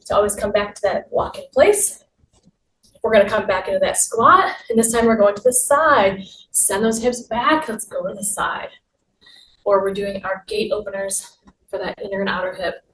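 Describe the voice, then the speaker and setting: A woman's voice: mid-range voice, moderate pace. A woman leading a guided exercise class, giving upbeat, encouraging cues while she moves along. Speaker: fitness instructor. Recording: roomy, distant mic with faint noise.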